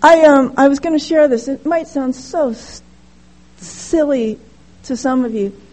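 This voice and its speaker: High-voiced woman sharing her recovery story. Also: a little mellow, poor audio. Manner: halting, frequent restarts and "you know", candid. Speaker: speaker sharing at a recovery meeting. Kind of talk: personal recovery share, casual storytelling.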